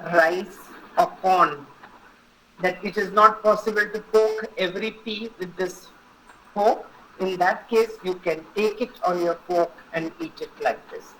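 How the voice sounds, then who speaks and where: A woman's voice: lowish voice, fairly bright tone, slight background noise, poor audio. A woman teaching an online etiquette class, giving firm, repetitive instructions and checking in with her students. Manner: instructive, repeats points and checks with "okay?".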